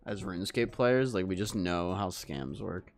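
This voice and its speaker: A man's voice: sits low, moderate pace. A man streaming a game, chatting loosely with viewers, swearing freely and telling rambling stories. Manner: chats with viewers between fights. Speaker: livestreaming gamer. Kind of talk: casual live-stream chat. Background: game music.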